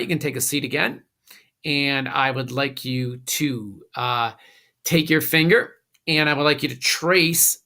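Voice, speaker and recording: A man teaching a recorded classroom phonics lesson, giving slow, patient instructions with a few "uh"s. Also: mid-range voice, sharp tone.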